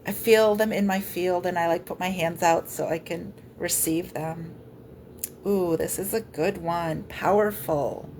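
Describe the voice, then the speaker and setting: A woman energy healer gently guiding viewers through a live-streamed clearing session, speaking softly with slow pauses. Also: lowish voice, fairly even intonation, a little hiss or hum.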